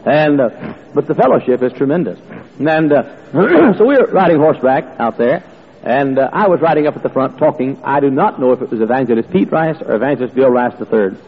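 A man preaches with a husky, slightly breathy voice that carries a long hall reverb. He tells stories in an earnest way, dotted with "uh" fillers. The sound is dull and lo-fi. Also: mid-range voice, animated, fairly quick. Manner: earnest storytelling with frequent "uh" fillers. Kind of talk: sermon.

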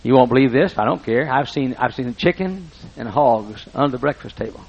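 A preaching pastor tells homespun, humorous stories, repeatedly stopping short in the middle of sentences. The voice is medium-pitched, a little fast, creaky and slightly breathy, heard through a dull lo-fi recording.

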